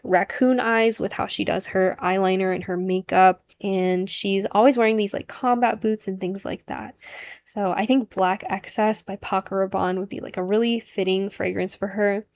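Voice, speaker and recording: A woman records a relaxed vlog monologue about fragrances. She chats loosely and fills her sentences with "like" and "um." Her voice sits at an ordinary middle pitch. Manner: chatty, many "like" and "um" fillers. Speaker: perfume vlogger.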